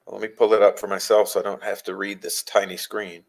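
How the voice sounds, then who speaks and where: A man acting as a legal commentator, reading legal passages aloud and explaining them deliberately, stressing key phrases. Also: fairly low pitch, flat delivery, vocal fry, low-quality recording.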